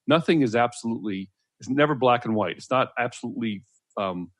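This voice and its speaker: A man's voice: mid-range voice, brisk, no room sound. A man co-hosting a talk radio show, explaining earnestly with frequent fillers. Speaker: co-host.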